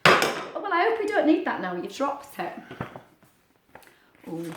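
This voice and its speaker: A woman's voice: high-pitched, very animated, a little slow, long pauses, background noise. A woman reading a picture book aloud to children, chatting playfully with a puppet between pages. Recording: roomy echo.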